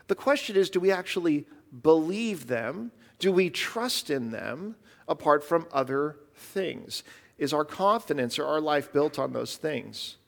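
Man, pastor, high tenor, earnest conversational sermon. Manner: earnest, conversational preaching with fillers. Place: church.

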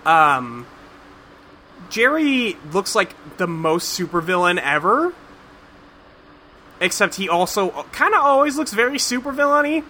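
Podcast host, male, high and bright, profane and rambling, casual chat. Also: big pitch swings, a little slow, pauses often, a little hiss or hum. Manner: rambling, profane, lots of fillers. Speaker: podcast host recapping a cartoon.

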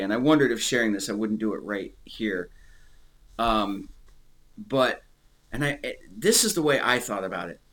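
A man in casual conversation about faith, rambling and restarting, animated and emotional as he speaks. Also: mid-range voice. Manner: rambling, animated, repeats words.

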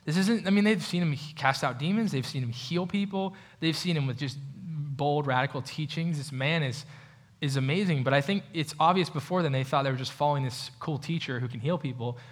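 A man's voice: on the high side, brisk, breathy edge. A man preaching a sermon in a church, talking conversationally and asking the audience questions. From United States. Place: church hall with a projector.

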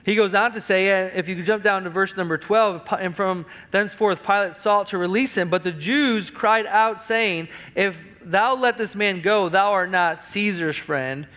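As pastor, a man preaches a sermon, reading scripture aloud in King James wording and building to emphatic passages that rise in pitch and volume, with some restarts. He speaks at normal speed with few pauses, in a bright, forceful tone.

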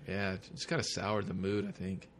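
A man's voice: low voice, level tone, normal speed, fairly bright tone, slight background noise. A man co-hosting a comics podcast in loose, profane casual chat, often acting out quoted voices. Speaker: podcast co-host.

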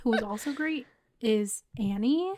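A woman's voice: a little high, animated, a little slow, background noise. A woman co-hosting a casual movie podcast, enthusiastic and playfully argumentative. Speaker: podcast co-host. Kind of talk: casual movie-review chat.

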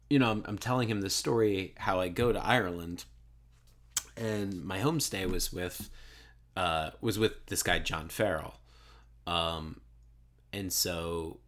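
Low-voiced man rambling through a story. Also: a bit bright. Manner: rambling anecdote with many fillers and restarts. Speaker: podcast co-host. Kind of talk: casual storytelling chat.

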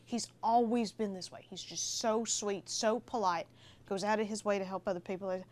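A woman guest on a casual podcast, telling a story in a warm, animated way. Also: medium pitch, moderate pace. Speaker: film festival organizer guest.

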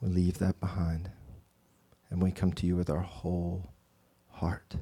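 A man guides listeners through a prayer meditation in a slow, hushed voice that sometimes sinks to a whisper. His tone is mellow and dark, with a husky edge. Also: low-pitched, monotone. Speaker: pastor leading guided prayer.

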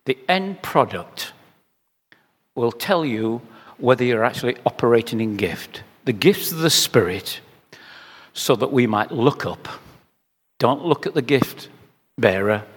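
A man's voice: mid-range voice, expressive, a little slow, pauses often, slightly rough. An older man preaching a sermon, shifting into chatty storytelling and repeating phrases for rhetorical effect. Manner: conversational storytelling with rhetorical repetition. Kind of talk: sermon with anecdotes. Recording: reverberant hall.

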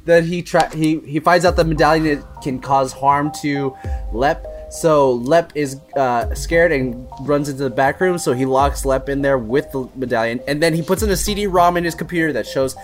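A man's voice: a little high, moderate pace, soft background music. A young man co-hosting a casual podcast, recapping a movie plot in a rambling way with laughs and quoted bits. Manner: rambling, laughing while retelling scenes with playful quoted voices. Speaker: podcast co-host.

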